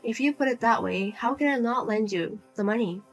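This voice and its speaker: A woman playing a fed-up grown daughter who speaks flatly and firmly to her pushy mother in a narrated drama. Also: on the high side, brisk, faint music behind. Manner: flat, firm, cold and blunt. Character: Lizzie, grown daughter, cool, blunt, fed up.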